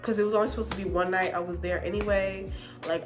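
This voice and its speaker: A woman vlogger tells a dramatic personal story straight to the camera in a casual, animated way. Her voice sits at a medium pitch and jumps higher when she acts out her own lines. She swears freely as she talks. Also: brisk, over music. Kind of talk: storytime vlog.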